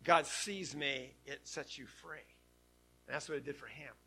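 A man preaching a sermon to his church, swinging from hushed lines to loud, emphatic ones. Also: fairly high pitch, unhurried, husky. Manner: preaching with sudden swings between loud and soft. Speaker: pastor.

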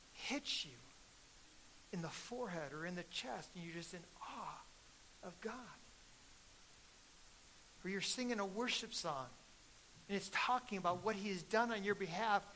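Middle-aged male pastor, bright forceful tone, storytelling sermon that swells to loud emphasis. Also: high-pitched, a little hiss or hum, rough recording.

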